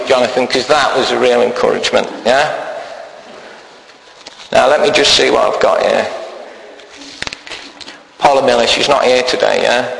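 Man, informal sermon, gravelly, long church reverb, chatty with tag questions. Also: a little high, bright, forceful tone. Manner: chatty, keeps adding "yeah?" tag questions. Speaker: church member giving a talk.

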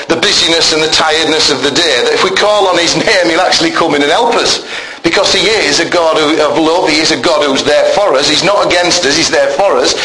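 A male preacher gives a sermon with a fairly high, bright and forceful voice. He talks in an emphatic, conversational way and keeps asking the congregation questions. The recording is roomy and echoey, with faint church ambience. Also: a little hiss or hum.

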